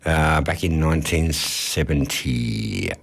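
A man's voice: a bass voice, takes it slowly, gravelly, breathy edge. A man with an Australian accent, co-hosting a radio music show in easygoing, rambling, joking chat. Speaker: radio co-host.

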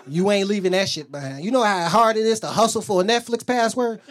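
A man's voice: high voice, lively intonation, a little fast. A man doing a stand-up comedy set on a club stage, telling profane stories and acting out the voices of the people in them. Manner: loose, profane storytelling with acted-out voices.

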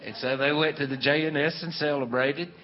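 A man's voice: on the high side, fairly even intonation, fairly quick. An older man, telling a rambling, folksy family story with many fillers. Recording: long hall reverb, dull lo-fi sound.

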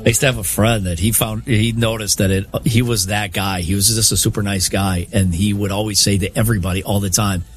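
A man's voice: fairly low pitch, steady tone, fairly quick, few pauses, faint music behind. A man with a wife and daughters, co-hosting a show and telling stories in casual, emphatic banter. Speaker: radio show co-host.

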